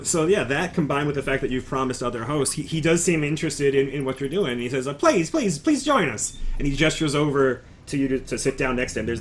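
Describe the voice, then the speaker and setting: A man running a tabletop game as game master, narrating in a halting way and often repeating words. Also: medium pitch, slight background noise.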